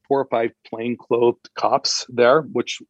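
A man telling a personal story in a casual, animated way, acting out the dialogue with raised voices. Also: medium pitch, slow pace, dry recording, dull audio. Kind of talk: casual anecdote.

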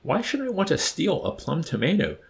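A man's voice: fairly high pitch, huge pitch swings, moderate pace, gravelly, a little hiss or hum, pitched above the performer's own voice, full character voice. A man reading as a meek, flustered army chaplain. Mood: bewildered. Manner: apologetic, pleading.

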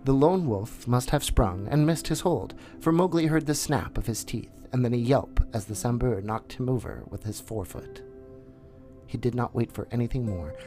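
Calm male storyteller over soft guitar. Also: medium pitch. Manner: calm, measured narration. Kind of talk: bedtime story reading.

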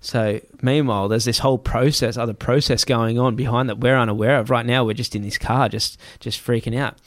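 An Australian man with a mid-range voice tells a story in a casual chat, quick and loose, swearing freely and jumping into the voices of the people in it. The sound is dry and close. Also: mid-range voice, fairly even intonation, no room sound. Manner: rapid, swears freely, acts out quotes.

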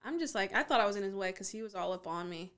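A woman's voice: medium pitch, lively intonation, very fast, fairly bright tone, clean tone. A woman chatting casually as a podcast co-host, opinionated and teasing. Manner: opinionated, teasing, talks over her partner. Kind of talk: casual chat.

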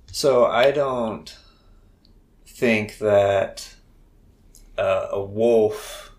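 A man co-hosting a podcast in casual chat, thinking aloud hesitantly with fillers. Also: lowish voice. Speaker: podcast co-host.

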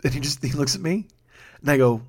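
A man's voice: medium pitch, brisk, husky. A middle-aged man hosting a podcast, telling a rambling, profane, self-deprecating story at his own microphone. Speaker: podcast host. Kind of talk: casual storytelling monologue. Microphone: studio microphone.

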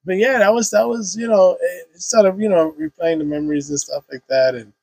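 A man's voice: high-pitched, a little fast, creaky, mellow, slightly rough, no room sound. A man in his thirties, a podcast guest, telling an emotional personal story in casual slang full of restarts and fillers.

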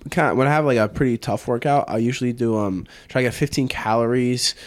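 A man's voice: mid-range voice, fast talker. A young man co-hosting a podcast, explaining his training in a blunt, matter-of-fact casual chat. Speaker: podcast co-host, grappler.

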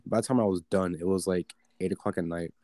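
A man's voice: deep voice, fairly even intonation, fast, warm tone, no echo. A young man telling a story in casual chat, rambling with many fillers and swearing. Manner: rambling, filler-heavy, profane.

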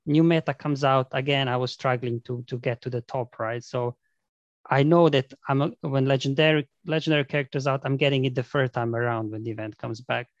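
Man, podcast guest, relaxed explaining, dry dead sound, dull lo-fi audio. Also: medium pitch, fairly quick, no room sound. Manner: relaxed, explains with many "you know"s and "right?"s. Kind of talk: casual chat.

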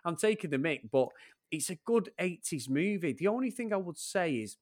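A man's voice: sits high, big pitch swings, normal speed. Opinionated man chatting films. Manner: opinionated, joking, sweary. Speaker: podcast co-host. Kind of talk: casual film chat.

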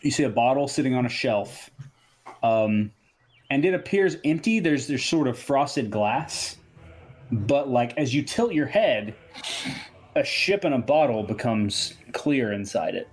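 A man running a tabletop game as game master, narrating with many pauses and fillers and laughing often. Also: mid-range voice, lively intonation. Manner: rambling, hesitant, laughing often.

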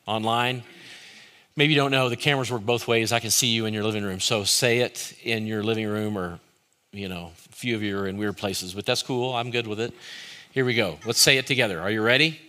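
A man preaching a sermon as pastor, shifting between loud animated bursts and quiet, slow emphasis. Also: fairly low pitch. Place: church service streamed online.

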